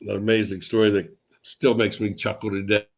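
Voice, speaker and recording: A man's voice: lowish voice, little pitch movement, fairly quick, creaky, muffled recording. A man hosting an interview, amused and chuckling as he wraps up a story. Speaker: interview host. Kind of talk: casual interview chat.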